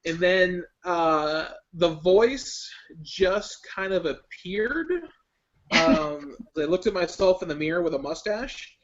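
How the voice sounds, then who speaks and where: A young man, a guest on an online chat show, telling a story in a casual, animated way. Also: sits high, slow. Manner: animated storyteller, breaks into laughs. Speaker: guest contestant. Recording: dull lo-fi web stream audio.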